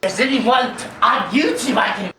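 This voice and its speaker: A man's voice: very high-pitched, unhurried, full character voice. A man voicing a gleeful, cackling male internet troll who squeals and taunts in a mocking skit. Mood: taunting. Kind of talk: mocking skit in a video clip. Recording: roomy, far from mic, loud background noise.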